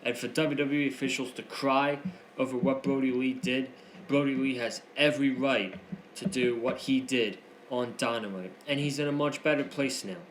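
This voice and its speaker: A man's voice: medium pitch, steady tone, moderate pace. A man hosting a wrestling news show, commenting in a heated, opinionated way and repeating himself for emphasis. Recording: echoey room with faint noise.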